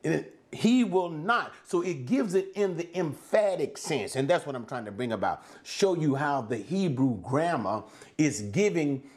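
A man's voice: a little high, sing-song, moderate pace, darkish tone. A man teaching a Bible lesson as a sermon, posing rhetorical questions and then answering them, often repeating and restarting words. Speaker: preacher.

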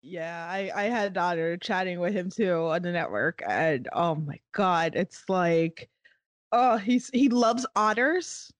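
A woman's voice: fairly low pitch, lively intonation, slow pace, no echo. A woman podcast host chatting as a guest, gushing and telling stories with lots of "like"s. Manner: bubbly, gushing storyteller with many "like"s. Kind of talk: casual podcast chat.

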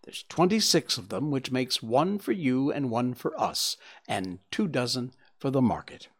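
A man voicing a brisk, practical countrywoman speaking to her brother, in an audiobook. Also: mid-range voice, lively intonation, breathy edge.

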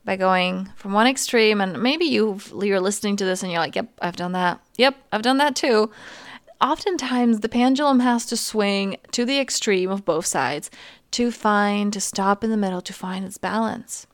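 A woman in her thirties hosting a podcast as a coach, talking gently and earnestly in a casual self-help monologue. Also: medium pitch, normal speed, dry recording, clean studio sound. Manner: gentle, earnest, talks through examples.

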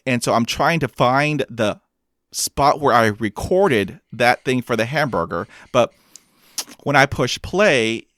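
A man's voice: medium pitch, animated, takes it slowly, fairly bright tone, dry recording. A man who stutters, with blocks and repeated sounds, telling a self-mocking personal story and acting out quotes. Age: adult with a master's degree.

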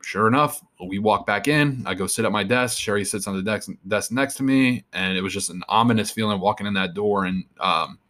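A man's voice: lowish voice, fairly quick, few pauses, fairly bright tone. A man being interviewed, telling a story from his life in a casual, rambling and profane way. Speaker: interview guest.

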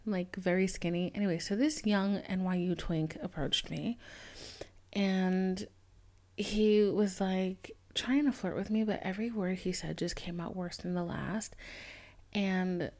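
A woman's voice: medium pitch, fairly even intonation, measured pace, a little mellow. A young woman hosting a casual solo podcast, telling a candid, rambling story with lots of fillers and swearing. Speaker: podcast host.

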